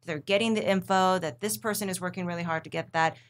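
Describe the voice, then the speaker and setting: A woman's voice: lowish voice, steady tone, fast talker, a little hiss or hum. A woman who works as a TV news anchor, talking fluently and at length as a guest in a casual interview. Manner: fluent, explains things at length.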